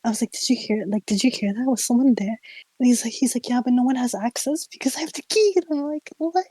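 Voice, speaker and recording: A young woman streamer casually telling a ghost story, animated and giggly, full of "like" fillers. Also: fairly high pitch, fast talker, breathy edge, no room sound, low-quality recording. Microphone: streaming mic.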